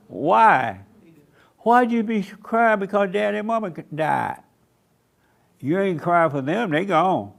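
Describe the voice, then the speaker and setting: Gravelly man preaching with emphatic repetition. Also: on the high side, expressive, slow, pauses often. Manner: emphatic, repeats short commands. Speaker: pastor. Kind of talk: sermon to a small congregation. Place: church meeting room.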